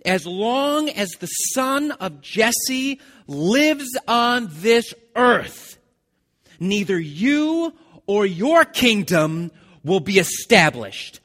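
Man putting on a raging king, slow, booming, higher-pitched, forceful. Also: very animated, in a large hall, full character voice. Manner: slow, loud, booming reading. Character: furious accusing king, older man.

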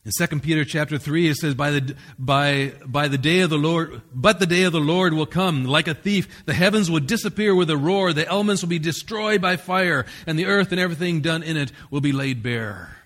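A man's voice: on the high side, fairly quick, few pauses, fairly bright tone. A man, the pastor, preaching a sermon in an earnest, emphatic way, restarting phrases now and then.

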